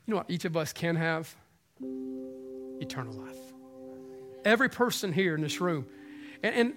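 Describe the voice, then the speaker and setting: A man preaching an Easter sermon as pastor, impassioned, swinging between hushed passages and loud ones. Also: high-pitched. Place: church hall with congregation.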